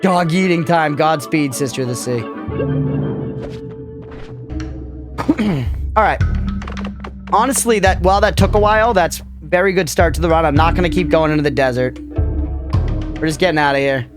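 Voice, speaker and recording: Over music, a gaming streamer with a somewhat high voice talks in an unhurried way, pausing often. He chats casually with his viewers over gameplay, joking as he answers their messages.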